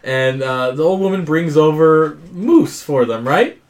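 A man's voice: fairly high pitch, very animated, unhurried. A man co-hosting a podcast, retelling film scenes in casual chat. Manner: storytelling, incredulous. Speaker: podcast co-host.

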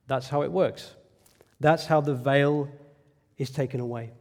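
A man's voice: medium pitch, steady tone, a little slow, a little mellow. Man preaching an earnest sermon, echoing hall. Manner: earnest, emphatic preaching with rhetorical questions. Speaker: pastor.

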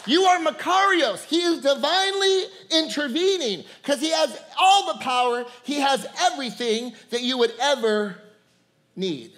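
A man's voice: very high-pitched, lively intonation, a little slow, fairly bright tone. A man preaching a sermon, repeating words and calling out to the congregation, laughing often. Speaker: pastor.

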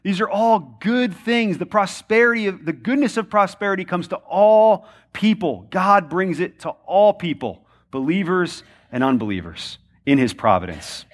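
High-voiced pastor preaching conversationally. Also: male voice, animated, normal speed, few pauses. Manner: conversational preaching, frequent tag questions "right?"; repetitive rhetorical questioning. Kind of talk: sermon.

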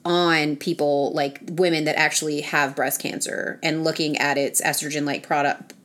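Low-voiced woman explaining research casually. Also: level tone, normal speed, a bit bright. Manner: explains studies in long run-on sentences with fillers and restarts.

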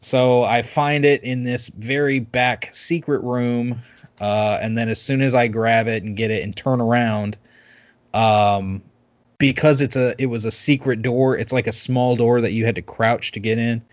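A man's voice: medium pitch, fairly even intonation. Guy rambling thru a game recap, lotsa "like" and restarts, muffled audio. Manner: rambling, halting, many fillers and restarts. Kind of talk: casual chat recapping a video game.

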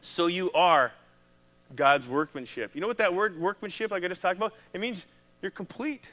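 Bright-voiced Midwestern pastor preaching. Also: male voice, high-pitched, normal speed. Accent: Midwestern American. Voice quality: conversational, animated preaching with restarts. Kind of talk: sermon.

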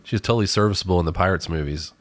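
A man with a very low, deep voice talks through a movie in a loose, casual review. He rambles, restarting his sentences often and filling gaps with ums and uhs. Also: rapid-fire, no echo. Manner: rambling, with many restarts and fillers. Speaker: podcast co-host reviewing a movie.

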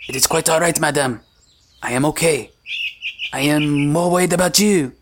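A man's voice: fairly high pitch, normal speed, background noise, natural voice. A man voicing a courteous, formal creature who calls her Madame. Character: polite gentlemanly creature, formal and kind.

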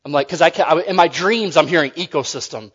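A man with a slightly higher voice preaches in a relaxed, joking way, often restarting his phrases. His voice carries a long reverb from a large hall, and the sound is somewhat dull. This is a casual sermon delivery. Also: fast, husky.

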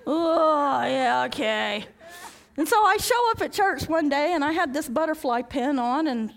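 A woman preaching a sermon, telling a personal story with lively acted-out dialogue and frequent laughter. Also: sits high, moderate pace. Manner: animated storytelling, acting out dialogue, laughing often.

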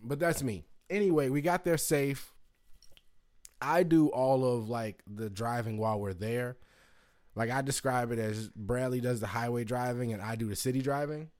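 A man from Indiana chatting casually to camera, rambling and swearing, with excited whoops and jumps into a high voice. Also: moderate pace. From Indiana, United States. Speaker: vlogger. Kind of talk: casual chat.

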